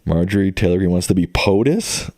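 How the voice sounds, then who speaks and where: A man's voice: deep voice, a little fast, darkish tone, dry recording, clean studio sound. A young adult man streaming and chatting casually with viewers in a rambling, laid-back way. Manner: rambling, laid-back, lots of fillers and restarts. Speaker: livestreamer. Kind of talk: casual chat.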